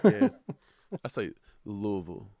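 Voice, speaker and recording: A man's voice: mid-range voice, lively intonation, brisk, crowd noise. A man co-hosting a sports podcast, chatting casually and joking in laid-back banter. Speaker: podcast co-host. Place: Kentucky.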